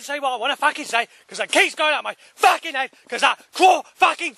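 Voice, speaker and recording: A man in a furious, yelling rant, swearing heavily as he loses his temper. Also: very high-pitched, animated, brisk, gravelly, hardly any pauses, no echo. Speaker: vlogger. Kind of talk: shouted rant.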